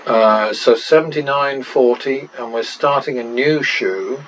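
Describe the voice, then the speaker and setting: A man's voice: medium pitch, a little slow, fairly bright tone, a little hiss or hum, rough recording. A man and channel host talking through practice casino betting, muttering running tallies with wry exclamations.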